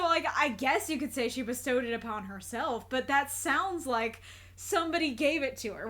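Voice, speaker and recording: High-voiced woman thinking out loud. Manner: thoughtful, earnest, laughs often, loops back over her thoughts. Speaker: reaction video creator. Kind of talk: casual spoken commentary.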